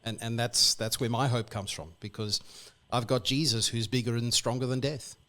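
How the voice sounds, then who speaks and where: An Australian man retelling a bible story on the radio in a lively, animated way. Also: mid-range voice, moderate pace. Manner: lively, animated storyteller who acts out characters. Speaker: church guest.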